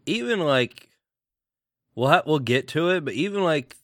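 A man's voice: fairly high pitch, expressive, measured pace, a bit bright, dry recording, clean studio sound. A man co-hosting a podcast in casual chat, hesitant and trailing off as he talks. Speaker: podcast co-host.

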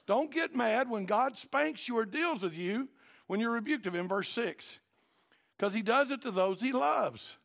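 Gravelly high-voiced preacher man. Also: expressive, unhurried, fairly bright tone. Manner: preaching, quotes scripture in old English; tells stories and acts out the voices in them. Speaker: pastor. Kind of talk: sermon.

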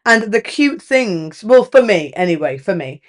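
A thirtysomething woman hosts a relationship podcast in a medium-pitched voice, keeping a measured pace. She shares a frank, emphatic story with animated rises and some casual cursing.

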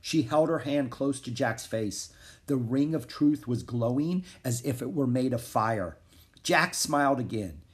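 A man narrating a children's chapter book aloud in an expressive storytelling manner. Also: mid-range voice, measured pace, breathy edge. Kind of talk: children's audiobook reading.

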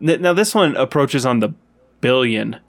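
A man's voice: medium pitch, animated, moderate pace. Easygoing man riffing on a podcast. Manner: easygoing, agreeable, builds on jokes. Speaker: podcast co-host. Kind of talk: casual chat.

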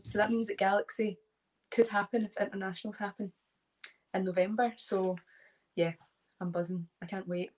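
Young Scottish woman, pageant guest, lively animated chatter, mid pitch, video-call sound. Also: a little hiss or hum, low-quality recording. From Scotland. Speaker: interview guest, pageant contestant. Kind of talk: casual live interview chat.

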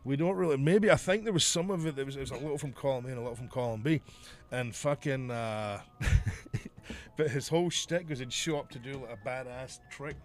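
A middle-aged former wrestler who now hosts a podcast talks briskly in a mid-range voice. Chatting casually, he tells stories, swears freely, and laughs often.

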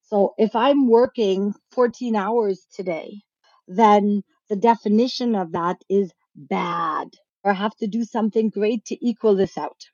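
A frank, emphatic woman coach explains her views in a podcast interview, her pitch sitting mid-range. The sound is dry and a little dull and lo-fi. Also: measured pace, darkish tone, no echo. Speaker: business coach and author.

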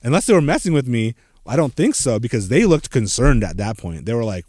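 A man's voice: mid-range voice, sing-song, fairly quick, darkish tone, breathy edge, no echo. An American man in his thirties, a podcast host, tells a story in casual chat, acting out quoted voices with many "like" fillers. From United States. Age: 30s.

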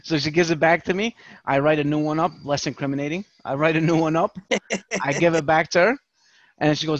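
A podcast guest, a man with a fairly high voice, tells a long, profane story in casual conversation at a fast clip. He's animated and acts out the voices of the people involved. The recording is dry and dull.

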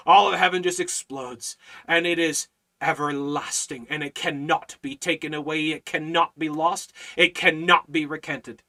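A man teaching a Bible study in a fervent preaching style, repeating phrases in a steady cadence. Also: a little high, moderate pace.

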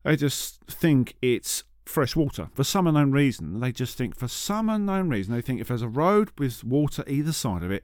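A man's voice: medium pitch, very animated, normal speed, hardly any pauses, a little mellow, dry recording. Casting note: man, podcast co-host, teasing storyteller, dry close recording. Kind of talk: casual chat.

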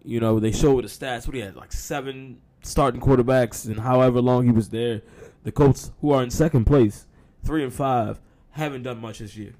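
A man's voice: medium pitch, fairly even intonation, normal speed, warm tone. A man hosting a sports talk show, speaking casually with sarcastic, mock-apologetic humor and frequent y'all.

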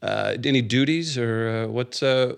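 A male radio host with an even, mid-range voice. He is easygoing and laughs often. He pauses on fillers while interviewing a guest and reading promos. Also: mid-range voice, vocal fry, smooth. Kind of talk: on-air interview and promo reads.

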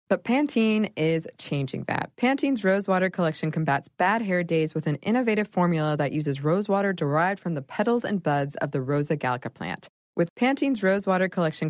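A woman reading a scripted commercial in a smooth promotional delivery. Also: low-pitched, no echo, clean studio sound. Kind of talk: scripted ad read.

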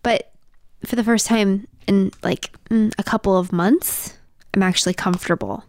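A woman's voice: mid-range voice, steady tone, normal speed, darkish tone, dry recording, studio quality. A pregnant woman in her thirties co-hosting a podcast with her husband. She chats in a candid, talkative way and laughs while telling stories. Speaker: podcast co-host. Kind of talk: casual chat.

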